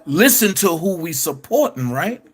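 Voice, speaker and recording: A man hosting an online commentary show, speaking in a casual, emphatic way with drawn-out phrases. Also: on the high side, sing-song, husky. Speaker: commentary channel host.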